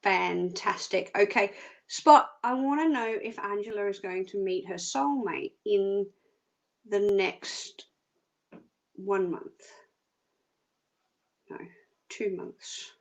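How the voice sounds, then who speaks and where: A woman's voice: medium pitch, slow pace, vocal fry, pauses often. A chatty, playful woman hosting a live psychic reading and humming little tunes between thoughts. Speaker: psychic reader, host.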